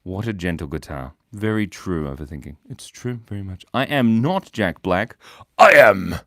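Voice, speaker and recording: A man's voice: low-pitched, animated, normal speed, fairly bright tone, no room sound, clean studio sound. A young man hosting a casual live stream, chatting playfully with viewers as he draws and reads out their comments. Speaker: livestream host drawing for viewers.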